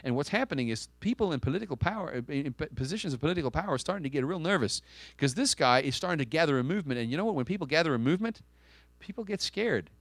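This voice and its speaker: A man's voice: fairly high pitch, expressive, very fast, no echo. A man preaching a sermon in a conversational, emphatic way, asking the listeners questions and often restarting his sentences. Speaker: pastor.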